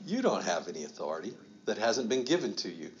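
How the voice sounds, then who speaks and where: A man's voice: fairly low pitch, very animated, fast. Guy pastor walking through a bible passage, keeps asking questions, slightly dull lo-fi sound. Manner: questioning, acts out quoted lines with rising emphasis. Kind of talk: interactive Bible study teaching.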